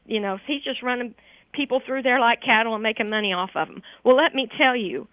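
A woman with a fairly high voice talks a little fast as she phones in to a radio show. Emotional and thankful, she offers a heartfelt testimonial over a tinny telephone line with no echo.

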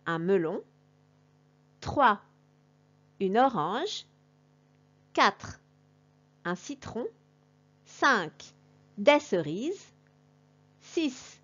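A woman leads a language lesson for a class, her voice swinging up and down with lively energy. She speaks very slowly and deliberately, encouraging the class as she goes. The recording sounds a little dull and lo-fi. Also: fairly high pitch. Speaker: language teacher.

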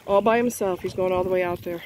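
A woman's voice: on the low side, steady tone, fast, noisy background. A woman chatting casually to her viewers outdoors by a lake, coaxing and praising her dog. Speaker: vlogger. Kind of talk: casual vlog commentary.

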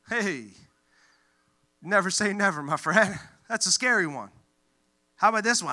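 A male pastor giving a lively, joking sermon, acting out the voices he quotes. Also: high voice, a little fast. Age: adult who grew up in church, looks back on age twelve. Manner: animated, jokey, acts out quoted voices.

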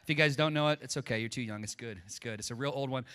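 A man's voice: mid-range voice, racing, bright, forceful tone, smooth. A middle-aged male pastor preaching a casual, joking sermon with chatty asides to his church. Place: church sanctuary. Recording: long hall reverb.

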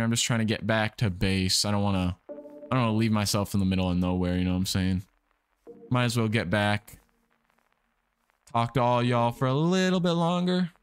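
While playing a game on a livestream, a young male host chats in a relaxed, rambling way, repeating words and restarting sentences often. His smooth voice sits at an ordinary middle pitch, with soft music playing quietly behind him.

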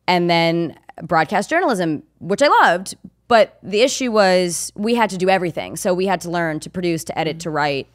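Woman, twenties, rambling casual chat, frank and profane, lower pitch, dry close mic. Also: lively intonation, moderate pace, dry recording. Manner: candid, swears freely, rambling. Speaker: podcast guest.

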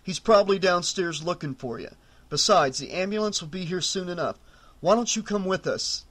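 A man voicing a calm, protective teenage boy in an audiobook, steady and reassuring. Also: high voice, normal speed.

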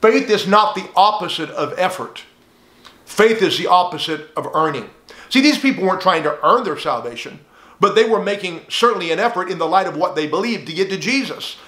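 A man's voice: high voice, animated, brisk, bright, forceful tone, reverberant. A man teaching a sermon, earnest and direct, addressing the listener as friend. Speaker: pastor.

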